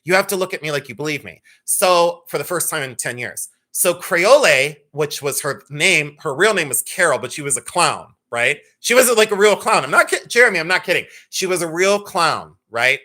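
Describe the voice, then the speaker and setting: Lively, bright-voiced man in his fifties. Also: fairly high pitch, normal speed, few pauses. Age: 50s. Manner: chatty, rambling storyteller addressing viewers by name. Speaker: live jewelry sale host. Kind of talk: casual live-stream chat and storytelling.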